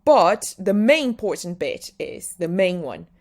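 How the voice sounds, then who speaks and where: Brazilian woman drilling English pronunciation slowly. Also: fairly low pitch, big pitch swings, a little mellow. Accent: Brazilian, speaking British-style English. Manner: drills words slowly and emphatically, exaggerated articulation. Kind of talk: pronunciation lesson.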